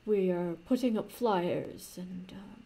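A rumpled palace guard delivers a stiff, formal report, stumbling over hesitant pauses, as a woman storyteller puts him on. The voice is mellow and breathy, close to her own. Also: on the low side, heavily acted. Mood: grave, formal.

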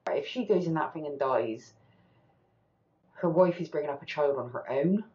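A woman's voice: deep voice, animated, moderate pace, mellow, muffled recording. A woman hosting a TV reaction channel, talking candidly and with animation, swearing casually as she reacts.

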